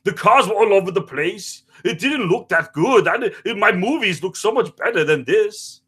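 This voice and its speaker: A man's voice: high-pitched, expressive, moderate pace, slightly rough, full character voice. A man doing a crude, rambling action star. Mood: cocky grumbling. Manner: rambling, crude, bursts into shouting and sing-song. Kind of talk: comedic parody interview.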